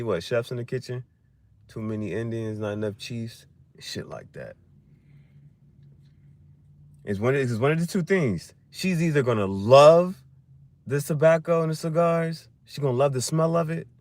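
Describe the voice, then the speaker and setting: A man's voice: mid-range voice, expressive, normal speed, pauses often, darkish tone. A man talking in a loose, rambling chat, laughing often and swearing freely in slangy banter. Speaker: livestream host.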